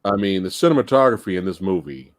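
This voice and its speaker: Podcast host, male, low and expressive, casual movie chat, dry close recording. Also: quick pace, no echo. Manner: animated, laughs while talking.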